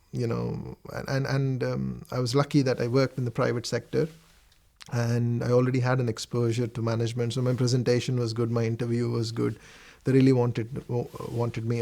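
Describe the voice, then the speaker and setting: In a creaky, darkish, mid-range voice, a middle-aged South Indian man with a matching accent reflects on his own experience as an interviewee. His testimony comes with frequent hesitations and false starts.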